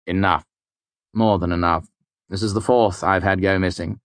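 A man with a low voice that stays close to his everyday one reads an audiobook at a moderate pace, with fairly even intonation and no echo. His character is a worn-out, irritable middle-aged mayor, curt and exasperated in manner.

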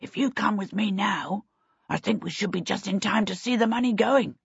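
A woman's voice: mid-range voice, normal speed, vocal fry, husky, no echo, pitched above the performer's own voice. A woman voicing a fussy male kobold leader who grumbles and sighs in a serious tone. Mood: grumbling. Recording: dull lo-fi recording.

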